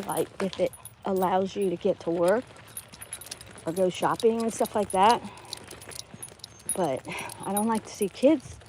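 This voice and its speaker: Slow, mellow-voiced woman walking her dogs. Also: mid-range voice, a little hiss or hum. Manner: chatty, rambling, laughs often. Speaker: dog-walking vlogger. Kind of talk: casual live walk-and-talk. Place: outdoors on a neighborhood street.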